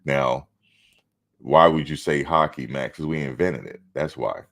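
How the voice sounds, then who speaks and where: A man's voice: rumbling low, a little slow, vocal fry, a bit bright. A man hosting a live stream, talking casually and bluntly, outspoken and swearing freely.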